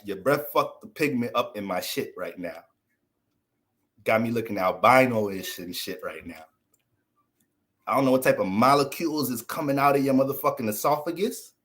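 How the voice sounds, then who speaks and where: An American man, an astrologer, ranting in a casual livestream, joking, cursing and laughing as he goes. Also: mid-range voice. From United States. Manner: profane, joking, animated.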